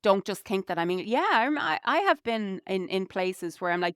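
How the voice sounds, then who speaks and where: Smooth-voiced Irish woman podcaster. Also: medium pitch, animated, moderate pace, few pauses, a bit bright, no room sound, clean studio sound. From Ireland. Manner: reflective, many fillers like "you know". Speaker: podcast co-host. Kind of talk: casual podcast conversation.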